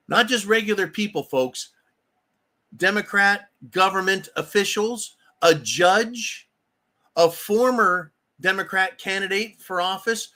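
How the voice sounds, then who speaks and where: A man's voice: sits high, unhurried, pushed and bright. A man hosting a live stream, ranting heatedly with frequent swearing and calling his listeners folks. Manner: keeps addressing listeners as folks. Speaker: livestream host.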